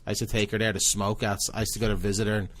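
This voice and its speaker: A man's voice: fairly low pitch, little pitch movement, racing, fairly bright tone. A man hosting a podcast, telling rambling, profane stories in casual chat. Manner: rambling storyteller, swears, laughs a lot. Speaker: podcast host.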